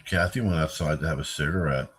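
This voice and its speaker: Older male streamer, worn out and yawning, husky voice, loose profane chat with viewers. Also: very deep voice, fast, fairly bright tone. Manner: rambling, profane, chatting with viewers. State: tired, yawning. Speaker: livestream host. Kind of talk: casual late-night livestream chat.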